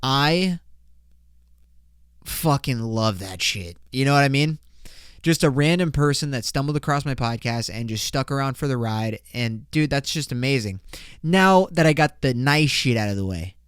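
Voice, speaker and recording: A young man hosting a casual solo podcast, loose, excitable and full of swearing. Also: medium pitch, moderate pace, clean tone, no room sound, clean studio sound. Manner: loose, profane, excitable, laughs a lot. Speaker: podcast host.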